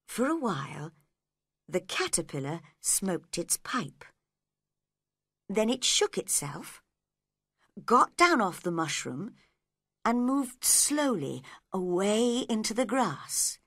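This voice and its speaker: A woman narrating a storybook read-along for English learners in a clear, slow, deliberate way. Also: mid-range voice, sing-song, a bit bright, no room sound, clean studio sound.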